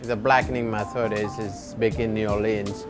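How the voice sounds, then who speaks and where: Chef guy, lowish voice, explains his cooking plainly, music playing. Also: little pitch movement, normal speed. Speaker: chef and restaurant owner.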